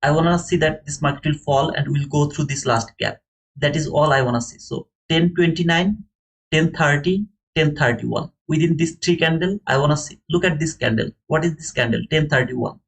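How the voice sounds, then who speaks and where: A man streaming live to viewers, thinking aloud in halting, repetitive phrases as he explains a trade. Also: fairly high pitch, gravelly, fairly bright tone, low-quality recording. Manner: talks to chat viewers by name. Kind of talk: live market commentary to viewers.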